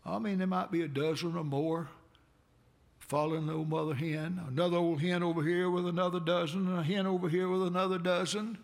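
A man preaching a sermon, with dramatic swells that build to near shouts. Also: fairly even intonation, brisk, vocal fry. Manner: dramatic preaching with sudden swells in pitch and loudness.

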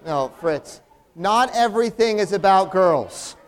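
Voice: mid-range voice, expressive, measured pace. A performer playing the earnest straight man in a comedy routine, patiently explaining things with stammering restarts.

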